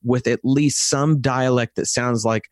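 A man with a Texan accent co-hosting a review podcast, talking in an animated, opinionated way and acting out little quotes. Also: mid-range voice, unhurried, no echo, studio quality. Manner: animated, rants with acted quotes. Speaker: podcast co-host. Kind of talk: casual review chat.

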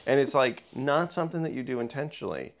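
A man's voice: mid-range voice, lively intonation, fast. Rambling, self-mocking young man. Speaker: podcast co-host. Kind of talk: casual podcast chat.

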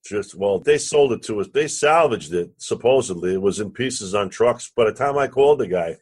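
A man, a real estate lender and podcast guest, telling a lively anecdote and acting out the other voices. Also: on the low side, moderate pace, slightly rough. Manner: animated anecdote teller, acts out quoted dialogue, curses casually. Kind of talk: storytelling in a podcast interview.

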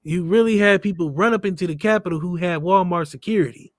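A man's voice: high-pitched, fast talker, no room sound, studio quality. A man hosting a casual podcast, joking loosely and swearing freely over a remote call. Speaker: podcast host. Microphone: remote call setup.

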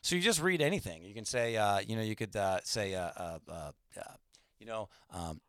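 A man's voice: fairly low pitch, normal speed, dry recording, clean studio sound. Podcast host guy, casual banter, joking, voice swings around a lot. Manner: joking, animated. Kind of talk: casual chat.

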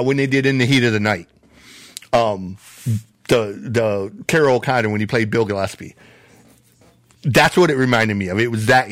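A man's voice: fairly low pitch, a bit bright, dry recording. A man from Michigan hosting a podcast, telling a story in a rambling, casual way full of "uh" and "you know". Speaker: podcast host.

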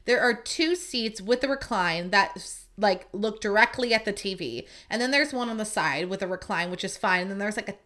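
A young woman with a bright, sharp-edged voice hosts her own podcast, rambling through a story in casual chat. She talks in a chatty, lively way, with plenty of "like" and the occasional swear word. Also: mid-range voice, normal speed, few pauses. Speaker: podcast host.

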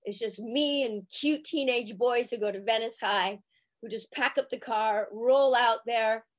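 Chatty middle-aged woman guest telling stories, animated, slightly high pitch. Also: measured pace. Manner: animated, chatty, lots of fillers. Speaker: interview guest, actress and charity founder. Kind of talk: casual interview storytelling.

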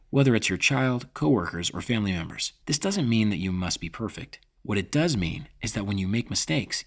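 A man reading scripted informational narration about parenting in a measured, even tone. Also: lowish voice, husky.

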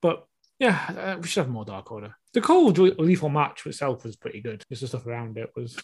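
A man's voice: mid-range voice, brisk, breathy edge. Laid-back guy chatting wrestling, agrees a lot, easy tone. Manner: relaxed, agreeing, laughing. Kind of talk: casual wrestling chat.

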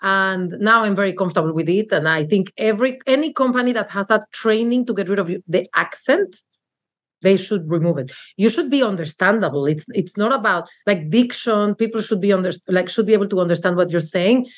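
A woman's voice: medium pitch, a little fast. A woman from Mexico with a Mexican Spanish accent, talking earnestly and reflectively as an interview guest, with frequent fillers and restarts. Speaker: marketing executive guest. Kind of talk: candid interview conversation.

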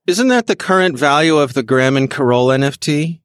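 A man co-hosting a podcast who chats casually and makes deadpan quips. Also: a little high, fast talker, clear, resonant tone, dry recording. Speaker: podcast co-host. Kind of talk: casual chat.

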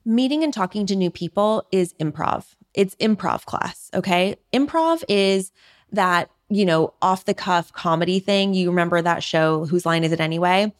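A woman's voice: on the low side, moderate pace. A young woman hosting a podcast, telling stories casually, full of "like" fillers and acted-out quotes. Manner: chatty, frequent "like", animated rants with acted-out quotes. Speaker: podcast host. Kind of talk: casual storytelling monologue.

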